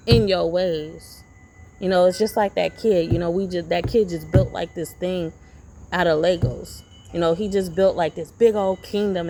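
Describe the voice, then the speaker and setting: A woman's voice: on the low side, noisy background. A woman vlogger giving a rambling, preachy motivational talk, repeating her points as she goes. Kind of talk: casual motivational monologue.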